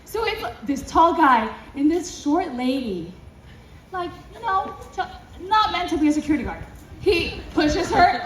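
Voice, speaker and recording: High-voiced woman telling a lively story. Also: recorded from a distance, slight background noise. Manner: animated, acts out dialogue, laughs often. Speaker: vlogger. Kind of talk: casual storytelling to camera. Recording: roomy echo, away from the mic.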